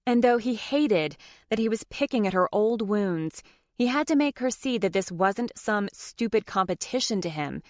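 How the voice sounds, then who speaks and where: A woman reads a romance audiobook in a measured, even storytelling voice at a middle pitch. The recording is close and bone dry, with no room around her. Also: dry recording. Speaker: audiobook narrator. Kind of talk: scripted narration.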